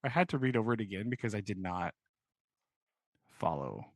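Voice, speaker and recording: A man's voice: on the low side, big pitch swings, brisk, dry recording. A young man co-hosting a podcast, recapping a book in a rambling way, full of "like" and "right?". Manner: rambling, filler-heavy, keeps asking "right?". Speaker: podcast co-host. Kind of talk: casual book discussion.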